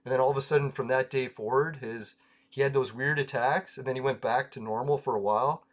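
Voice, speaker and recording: A man's voice: medium pitch, fairly even intonation, a little fast. A man hosting his own show, telling a rambling, profane story in a casual way and laughing along at it. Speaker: podcast host.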